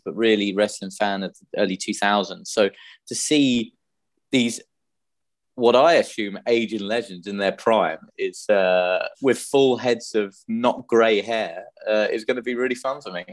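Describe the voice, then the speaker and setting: A man's voice: lowish voice, moderate pace. A man in his thirties, a guest on an online call, talking eagerly and nostalgically in casual chat. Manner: enthusiastic, nostalgic fan talk.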